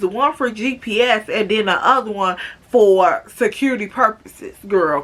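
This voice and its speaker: A woman with a bright, forceful voice that sits a little high, telling a storytime for her vlog. She talks in a chatty, animated way, swears freely and keeps calling her viewers "girl.". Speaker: vlogger. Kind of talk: casual storytime monologue.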